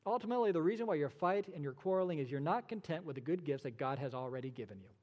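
A male pastor preaching with a somewhat high voice that rings out into a long hall reverb. He presses his points through rhetorical questions and slips in dry, sarcastic asides. It sounds like a church sanctuary. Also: animated, very fast, dull audio. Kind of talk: sermon.

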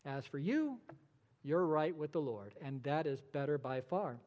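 A man's voice: fairly high pitch, lively intonation, measured pace, a little mellow, long reverb tail, muffled recording. A male pastor delivering a sermon, emphatic and full of rhetorical questions, with dry sarcastic asides.

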